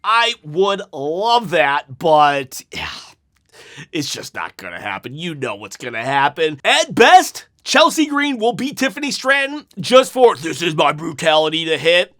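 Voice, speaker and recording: A young man with a notably high voice hosts a casual wrestling talk show. He is chatty and opinionated, restarting his sentences and reading viewer comments aloud as he goes. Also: very animated, a little slow, sharp tone.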